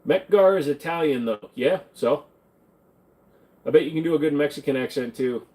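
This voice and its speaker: A man's voice: medium pitch, normal speed, dark tone. A man hosting a casual livestream Q&A, reading chat questions aloud and answering them in a jokey, offhand way.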